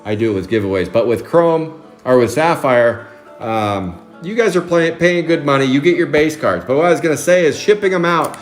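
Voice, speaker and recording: Excitable man hosting a card break. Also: on the high side, moderate pace, faint music behind. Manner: chatty, excitable, calls out card names. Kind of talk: live card break chat.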